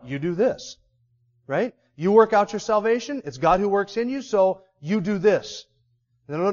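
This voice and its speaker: A man's voice: high voice, a little mellow, long reverb tail, dull audio. A man preaching a sermon as a pastor, with emphatic stress and repeated key words.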